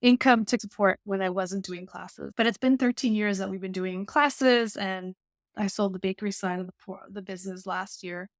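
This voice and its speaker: A woman from Canada telling stories in a casual interview, animated, with quick asides and acted-out quotes. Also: mid-range voice, dry recording, studio quality. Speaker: guest, baker and culinary teacher.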